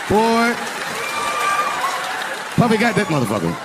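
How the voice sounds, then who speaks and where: A man's voice: high voice, huge pitch swings, measured pace. An older man telling a profane stand-up story on an arena stage, acting out the voices of the people in it. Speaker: stand-up comedian. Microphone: handheld stage mic. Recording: live arena recording with crowd noise. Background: audience laughter.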